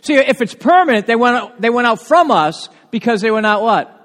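A male pastor preaching a sermon in a church, animated and emphatic, with frequent asides to the congregation. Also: extremely high pitch, fairly quick. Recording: long reverb of a large hall.

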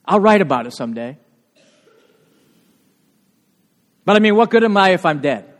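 A man's voice: high voice, very animated, fast talker. A man voicing a frightened male apostle who insists under oath that he is telling the truth, heard with long church reverb. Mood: anxious. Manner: insistent, pleading.

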